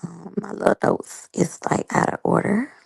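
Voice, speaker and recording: A woman's voice: on the low side, normal speed, vocal fry, a little mellow, breathy edge, dry recording, low-quality recording. A woman in her thirties chatting casually to her viewers while reviewing a reality show, talking straight to the audience. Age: 30s.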